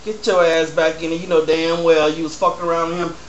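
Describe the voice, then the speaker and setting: A man doing an impression of an older male talk-show host speaking in a low, measured voice. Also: flat delivery, muffled recording, slight background noise, lightly acted. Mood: crude. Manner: low, slow, mock-authoritative. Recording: roomy echo.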